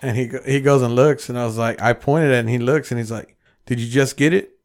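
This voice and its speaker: A man co-hosting a podcast, telling stories in a casual, profane, animated way and acting out quotes. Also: mid-range voice, fast talker. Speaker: podcast co-host. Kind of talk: casual chat.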